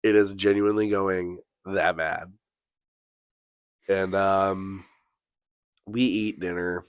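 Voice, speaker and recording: Low-voiced man telling a wild story. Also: slow, smooth, no echo. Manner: profane, animated storytelling with acted-out quotes. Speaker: podcast co-host. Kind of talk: casual storytelling.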